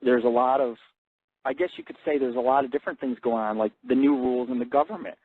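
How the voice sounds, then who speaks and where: A male radio host rambling through a crude, profane live monologue, swearing constantly and jumping up in pitch when he gets excited. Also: fast, no echo. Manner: excitable, jumps high in pitch on emphasis. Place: hotel in a big city. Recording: tinny phone-line audio, dry.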